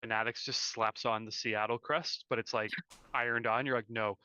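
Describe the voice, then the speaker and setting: Man co-host, casual rambling hockey chat, bright and crisp, dry dull sound. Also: medium pitch, fairly even intonation, normal speed, dry recording. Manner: rambling, filler-heavy, self-correcting. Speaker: podcast co-host. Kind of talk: casual live-stream chat.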